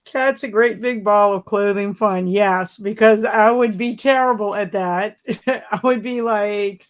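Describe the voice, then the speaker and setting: A woman's voice: medium pitch, steady tone, measured pace. A woman hosting a casual live stream, chatting, laughing often and reading viewers' comments aloud. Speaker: livestream host.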